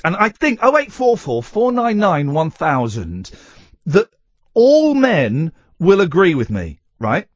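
A man's voice: sits high, very animated, measured pace, no room sound. A man hosting a radio phone-in, talking casually, rambling and correcting himself with a playful streak. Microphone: studio microphone.

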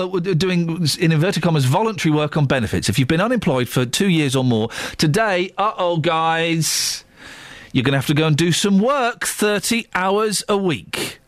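A man hosting a radio phone-in, joking and telling animated stories. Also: sits high, dry recording. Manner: jokey, animated storyteller. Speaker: radio host. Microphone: studio microphone.

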